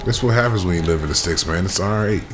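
A man's voice: sits low, fast talker, a loud crowd. A man, a podcast co-host chatting casually in a laid-back, teasing way. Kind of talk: casual chat.

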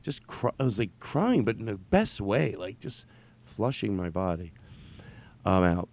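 A man's voice: lowish voice, very animated, unhurried, a little mellow. A man hosting a podcast, talking in a rambling, emphatic way with some swearing. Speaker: podcast host. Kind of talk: casual chat.

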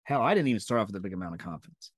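A man's voice: lowish voice, sing-song, racing, no echo, studio quality. A man in his thirties hosting a podcast, giving an intense, profane and emphatic motivational monologue. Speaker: podcast host.

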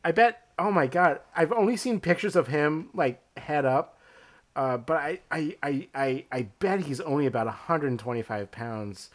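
A man co-hosting a comedy podcast, rambling excitably with stammering restarts. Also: fairly high pitch, moderate pace. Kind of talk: improvised comedy podcast chat.

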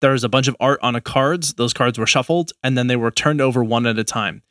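A man co-hosting a casual podcast, explaining ideas in a measured, thoughtful way. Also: medium pitch, fairly bright tone, no echo, studio quality. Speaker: podcast co-host.

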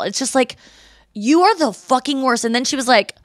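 A woman in her forties, a podcast host telling a story in casual chat, animated and slipping into quoted voices. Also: fairly high pitch, normal speed, dry recording, clean studio sound.

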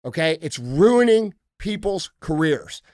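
A middle-aged man hosts a podcast and talks in a fired-up, profane rant. His voice sits high for a man. The sound is close and dry, with no room echo. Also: very animated, slow pace, a little mellow. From United States. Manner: blunt, profane, heated ranting. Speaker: podcast host. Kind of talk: casual podcast talk.

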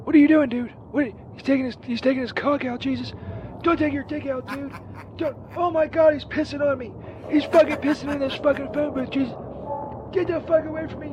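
A man's voice: very high voice, voice pushed up. A man voicing a foul-mouthed, frantic Saint Peter, rambling and swearing as he leaves a voicemail from a street phone booth. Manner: profane, rambling, shouting at a stranger. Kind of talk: comedy phone bit. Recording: muffled phone voicemail with faint street noise.

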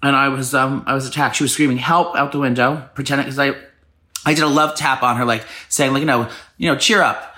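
A man in his thirties co-hosting a chatty podcast, telling a rapid, gossipy story and acting out other people's lines. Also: mid-range voice, level tone, sharp tone. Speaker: podcast co-host. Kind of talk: casual chat, storytelling.

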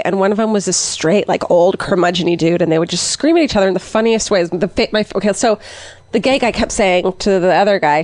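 A woman's voice: mid-range voice, no echo. Giggly woman with a lisp. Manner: giggly, excitable, swears freely. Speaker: podcast co-host. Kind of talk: casual chat.

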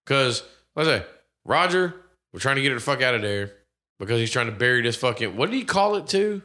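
Man, co-host on a casual movie podcast, bright edge to the voice, heavy swearing, animated. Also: mid-range voice, a little fast. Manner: animated, swears constantly, acts out quoted characters. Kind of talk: casual profane chat.

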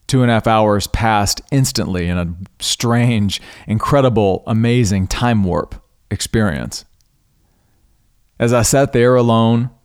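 Lower-voiced man telling a spiritual story. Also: a little mellow. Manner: earnest, unhurried, pauses and restarts mid-thought; spiritual, devout tone. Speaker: podcast host. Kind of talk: reflective personal storytelling.

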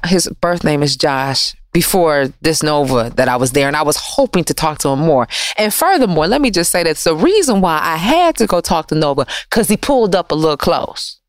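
A woman recounts a personal encounter in a candid, reflective monologue. Her voice sits at a middle pitch and leaps up and slows down when she stresses a point. The studio sound is dry and close. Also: no room sound. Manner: candid, reflective, swings in pitch and pace for emphasis. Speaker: vlogger recounting a personal story. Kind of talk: casual storytelling monologue. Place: recording studio.

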